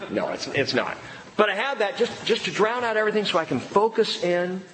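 A middle-aged man preaching a sermon, swinging between loud bursts and hushed lines. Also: high voice, very animated, fairly quick, a faint crowd. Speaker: pastor. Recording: reverberant hall with faint room noise.

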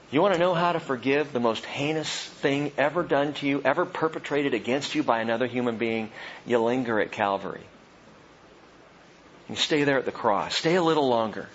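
A man preaching a sermon as pastor, swinging from loud, high emphasis to hushed, slow reflection. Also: expressive. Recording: dull, muffled low-fi sound with faint background hum.

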